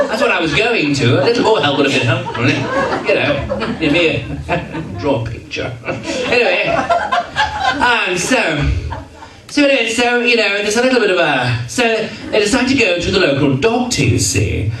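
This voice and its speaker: A man's voice: high-pitched, big pitch swings, normal speed. A man doing comic stage patter, teasing and chatting with his audience in a hall. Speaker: entertainer. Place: function hall with a live audience. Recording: roomy hall recording from a distance with crowd.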